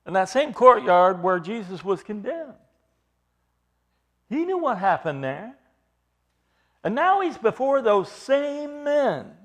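A man's voice: high voice, very animated, slow, long pauses, fairly bright tone. A man preaching an expository sermon, emphatic, repeating phrases for stress and putting questions to his listeners.

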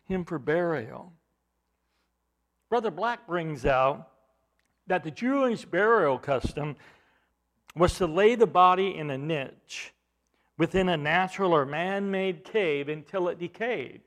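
Male preacher, high voice, sermon delivery that climbs and falls for emphasis. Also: expressive, slow, a bit bright. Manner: rising and falling emphasis, repeats words while building points.

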